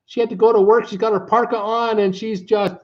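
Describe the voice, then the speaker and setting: A middle-aged man from Canada chats casually on a live travel stream. His voice sits high for a man and he sounds folksy and fed up, leaning on filler words. The audio is dull and lo-fi, picked up by a tablet mic. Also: flat delivery, a little fast. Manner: folksy and exasperated, with frequent uh fillers. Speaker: travel vlog host.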